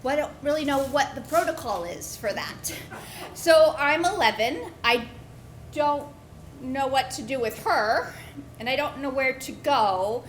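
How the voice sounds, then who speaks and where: Animated high-voiced woman telling a story on stage. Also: measured pace, slight background noise. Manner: animated, acts out quoted voices. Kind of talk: improvised live storytelling. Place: live stage in a pub. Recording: echoey live room.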